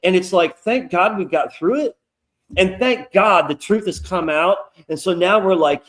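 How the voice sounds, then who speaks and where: A man's voice: high-pitched, moderate pace, fairly bright tone. A man who is a guest comic artist, getting worked up in a casual talk, swearing often and sounding sarcastic. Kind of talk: heated casual chat.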